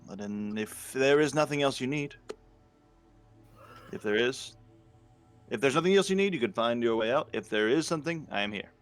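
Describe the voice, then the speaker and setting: Guy doing a solemn formal river king, slow careful talk, mid pitch. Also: expressive, soft background music, close to an everyday voice. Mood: measured. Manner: measured, formal and hesitant. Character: solemn middle-aged human river king.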